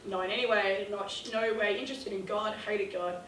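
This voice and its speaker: A young woman addresses a youth audience as a ministry speaker, telling a funny story that pokes fun at herself and acting out quotes with big leaps in her voice. Her mid-range voice is steady, brisk and fairly bright, captured from afar in a roomy hall with a little hiss or hum.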